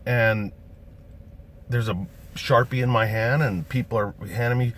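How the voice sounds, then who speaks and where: A man's voice: medium pitch, measured pace, slight background noise. A man casually telling a true story of his own, swearing constantly and acting out what other people said. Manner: animated, acts out quotes of other people.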